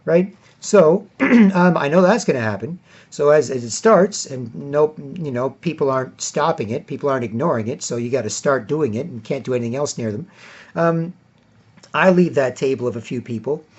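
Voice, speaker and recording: A man's voice: medium pitch, lively intonation, moderate pace, darkish tone, slightly rough. A man telling a long casual story in a rambling way, tagging his sentences with "right?" and "whatever". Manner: acts out other people in a raised, mocking voice. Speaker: vlogger. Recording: dull lo-fi recording.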